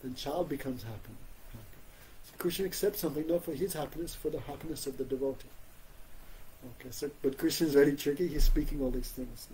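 A man giving an informal religious class, conversational and gently humorous, often asking his listeners "you know?". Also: medium pitch, a little fast, a little hiss or hum, poor audio. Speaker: spiritual teacher giving a class.

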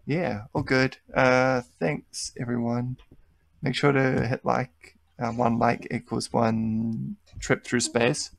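A man's voice: medium pitch, flat delivery, takes it slowly, vocal fry, no room sound. A young man hosting a casual podcast chat, laid-back, swearing casually and trailing off mid-sentence. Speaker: podcast host.

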